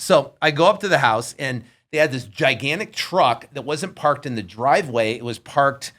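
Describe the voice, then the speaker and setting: Fairly high-pitched and brisk, with few pauses, a man in his fifties tells a story as a podcast guest. In the casual talk he's animated, bringing the story's people to life by acting out their voices.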